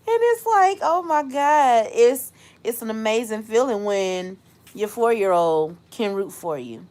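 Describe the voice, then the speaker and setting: A young adult woman hosting a casual livestream, reflective and unhurried, thanking viewers by name and laughing often. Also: a little high, expressive, fairly bright tone. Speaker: host.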